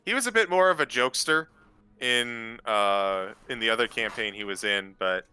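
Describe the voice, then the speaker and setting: Man, tabletop player, casual chat, smooth crisp voice, bright, easygoing explainer. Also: medium pitch, normal speed, faint music behind.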